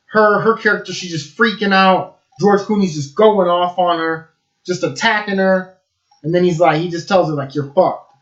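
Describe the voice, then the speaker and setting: A man's voice: sits high, moderate pace, fairly bright tone. Man, casual film review, enthusiastic, rambling, fillers, echoey room, dull lo-fi sound.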